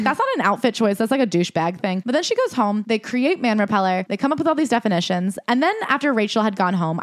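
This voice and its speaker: Fast-talking young woman podcast host. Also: medium pitch, no room sound, clean studio sound. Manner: fast, animated retelling with mocking quoted voices. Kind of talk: casual podcast chat.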